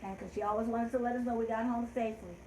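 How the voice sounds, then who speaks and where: Older woman host, gentle and heartfelt, fairly high voice, roomy echo. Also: fairly even intonation, rapid-fire, a little hiss or hum. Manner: gentle, heartfelt, trailing off softly. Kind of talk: storytelling and rhymes for children.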